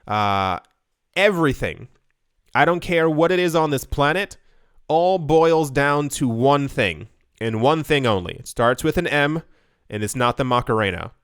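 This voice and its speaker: A man's voice: mid-range voice, lively intonation, a little slow, a bit bright, smooth, no room sound, studio quality. A man hosting an investing channel, reading news and riffing on it in a rambling, joking way, often stumbling and repeating words. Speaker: crypto investing YouTuber. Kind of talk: casual monologue reading and commenting on news.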